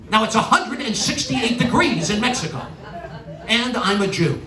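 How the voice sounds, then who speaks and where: A man's voice: sits high, lively intonation, moderate pace. A middle-aged man from New York with a New York accent, doing a stand-up comedy routine with exasperated rants and punchlines. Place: stage in a large venue with a live audience. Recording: roomy live hall from a distance, audience noise. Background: audience laughter and applause.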